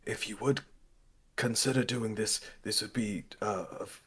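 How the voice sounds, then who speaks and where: A man doing a humble, halting old bishop. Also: on the low side, fairly even intonation, a bit bright, husky. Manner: slow, halting, formal. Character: humble polite older male bishop.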